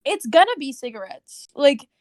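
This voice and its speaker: A young woman co-hosting a podcast, animated and giggly, talking with lots of fillers. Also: sits high, normal speed, no echo, studio quality. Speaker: podcast co-host. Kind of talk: casual chat.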